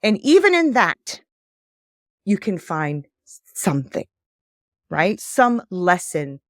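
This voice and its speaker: A woman life coach as a podcast guest, telling stories in a lively way and acting out the dialogue. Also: on the low side, slow, no echo, studio quality. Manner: animated storytelling, acts out quoted dialogue. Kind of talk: conversational interview.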